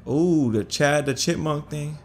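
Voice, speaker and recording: Excitable man doing let's-play commentary. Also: fairly high pitch, measured pace, noisy background. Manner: jumpy, excitable, swears a lot; chatty, thinks out loud while playing. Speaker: gaming video host.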